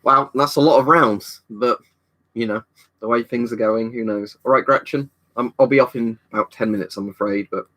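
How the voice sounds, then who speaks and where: Here a livestream host talks at an ordinary pace, his mid-range voice carrying a sharp tone. He chats loosely from a home storage room, reading viewers' comments out loud and responding as he goes.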